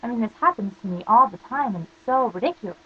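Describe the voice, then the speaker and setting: A woman's voice: on the high side, animated, fast talker, slightly rough, muffled recording. A teenage girl ranting casually to camera, rambling through stories full of "like" fillers. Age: teens. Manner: rambling storytelling, constant "like" fillers. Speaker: vlogger.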